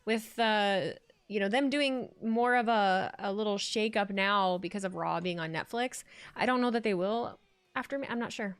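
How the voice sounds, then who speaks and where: A woman's voice: medium pitch, moderate pace, clear, resonant tone. A tired woman streamer chatting casually with her viewers, swearing freely as she watches. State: tired, yawning. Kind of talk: casual live-stream chat.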